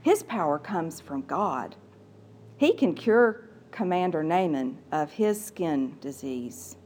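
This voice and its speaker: Woman playing a little servant girl, eager, outspoken, pleading, animated. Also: deep voice, slow, slight background noise, voice pushed down, heavily acted. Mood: earnest. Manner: pleading, earnest.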